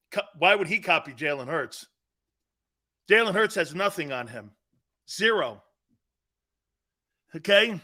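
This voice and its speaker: A middle-aged man hosting a sports talk show, ranting sarcastically and shouting with bursts of laughter. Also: high-pitched. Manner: loud, sarcastic, shouts and laughs mid-rant. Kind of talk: sports talk radio rant.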